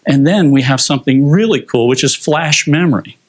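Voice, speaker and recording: A man's voice: on the high side, a little fast. A man giving a conference presentation on technology, explaining slides step by step with frequent fillers.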